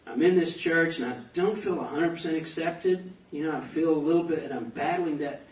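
A pastor giving a personal testimony to a banquet audience, telling it as animated stories with self-deprecating humor. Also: male voice, on the high side, a little fast. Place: banquet hall. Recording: echoey hall, distant mic, dull sound.

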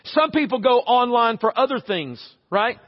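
An animated pastor with a strikingly high voice delivers a chatty, funny sermon, jumping into quick scenes from daily life. His words ring through the church sanctuary's long reverb, though the recording is slightly dull.

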